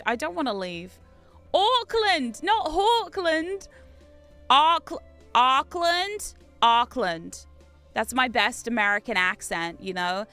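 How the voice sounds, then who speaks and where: A woman's voice: high voice, bright, forceful tone. A woman streaming a game, telling stories in a chatty, self-mocking way with frequent laughs. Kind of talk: casual chat while gaming.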